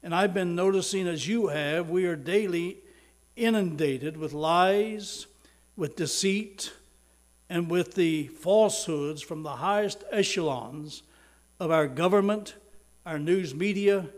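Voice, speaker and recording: A middle-aged male preacher delivering a sermon, slowing down for emphasis and swelling louder on key words, and leading the congregation in prayer. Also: high-pitched. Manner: preaching with emphatic slow stresses and sudden swells in loudness.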